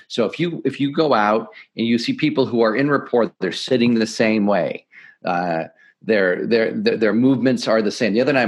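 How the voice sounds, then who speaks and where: A middle-aged man, a podcast guest, explaining sales techniques in an energetic, emphatic coaching manner. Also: fairly low pitch. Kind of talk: podcast interview, teaching sales tips.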